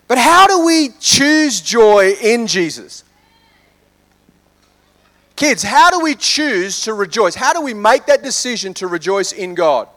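A male pastor preaching a sermon, moving between lively urging and hushed prayer. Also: high-pitched. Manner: animated, swings from loud urging to hushed prayer.

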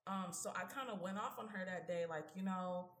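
A woman's voice: on the low side, a little fast. Young woman telling a story in a roomy room. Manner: animated storyteller who acts out both sides of a conversation. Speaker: podcast co-host. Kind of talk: casual panel chat, personal storytelling.

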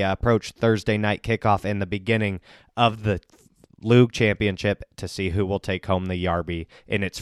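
Joking podcast host with a smooth low voice. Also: male voice, dry recording, clean studio sound. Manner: jokey, teasing, laughs often. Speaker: podcast host and league commissioner. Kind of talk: casual podcast chat.

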